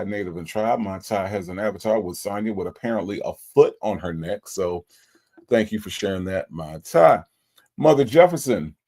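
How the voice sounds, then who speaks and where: A man's voice: deep voice, darkish tone, slightly rough. A man hosting a livestream, greeting viewers by name and reading their chat comments aloud in a casual, sing-song way. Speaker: livestream host.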